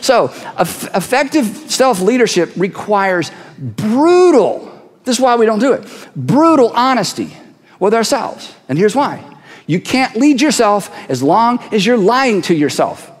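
Animated man preaching in a hall. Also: sits high, a little slow. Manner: animated, acts out voices, repeats phrases. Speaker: pastor. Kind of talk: sermon. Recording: long reverb of a large hall.

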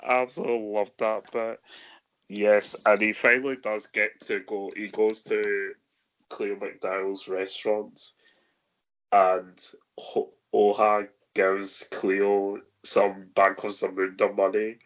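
A male podcast host talks at an unhurried pace in a fairly low voice. He leads a casual film discussion, walking through scenes and turning questions over to his co-hosts. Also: flat delivery, a bit bright. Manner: leads the talk, recapping scenes and asking the others.

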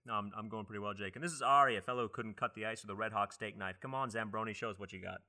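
Brash male comedy-podcast host, bright voice, rapid delivery, ribbing his guests. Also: on the low side. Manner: jokey, brash, roasting his co-hosts.

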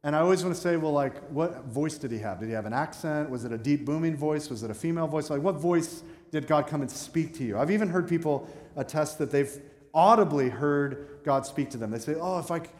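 Conversational pastor in an echoey church. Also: male voice, on the high side, expressive, brisk, darkish tone. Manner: conversational preaching with asides to the congregation. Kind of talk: sermon. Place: church sanctuary. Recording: echoey hall with long reverb.

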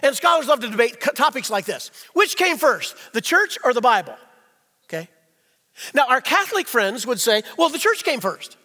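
A man preaching a sermon, asking the congregation questions and slowing down to stress key phrases, with big swings between hushed and loud delivery. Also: very high-pitched, very animated. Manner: rhetorical questions, slows for emphasis, swings between quiet and loud. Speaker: pastor. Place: church sanctuary. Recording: long reverb in a church hall.

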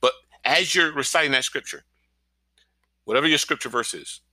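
A male pastor giving an encouraging podcast sermon, energetic and often checking in with "right?". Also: medium pitch, moderate pace, dry recording. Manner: energetic, keeps asking "right?".

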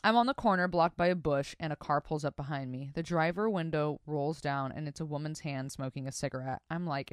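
Profane, animated young woman podcaster. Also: sits low, a little fast, hardly any pauses, clean tone, no echo, clean studio sound. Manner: profane, animated, laughs and comments while reading stories aloud. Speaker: podcast host reading listener stories. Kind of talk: casual podcast chat.

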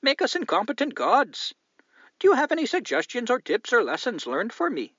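A man's voice: very high-pitched, wildly swooping pitch, normal speed, bright, forceful tone, slightly rough, no echo, lo-fi sound, voice pushed up, exaggerated voice. A man putting on an exaggerated Indian accent to voice a male listener reading out his own letter, in a sing-song way. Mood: earnest. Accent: Indian, put on.

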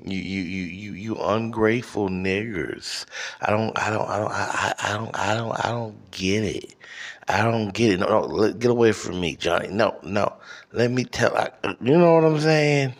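A man's voice: fairly low pitch, normal speed, pitched above the performer's own voice, natural voice. A man voicing an old, racist redheaded woman who sputters, whines and talks down to people with false sweetness. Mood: indignant.

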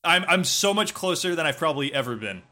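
A man's voice: fairly high pitch, very animated, fast, pushed and bright. A man co-hosting a casual gaming podcast, rambling with many restarts and frequent laughter, with a slightly nasal voice. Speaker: podcast co-host. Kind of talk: casual chat.

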